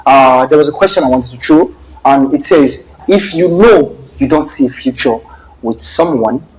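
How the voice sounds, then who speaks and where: A man's voice: medium pitch, normal speed, low-quality recording. A man hosting a podcast, politely putting questions to his guests. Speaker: podcast host. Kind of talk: moderating a discussion.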